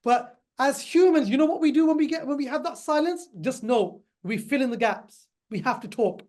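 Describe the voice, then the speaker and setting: A man's voice: very high voice, moderate pace, darkish tone. A middle-aged man teaching pharmacists in an online webinar, chatty and repetitive, speaking straight to his class. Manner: chatty, repeats himself, addresses the class directly.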